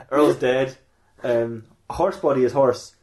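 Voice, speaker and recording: A man's voice: mid-range voice, slow, darkish tone, slight background noise. A young man hosting a podcast, improvising a comic story in a rambling, giggly way with many fillers. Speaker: podcast host.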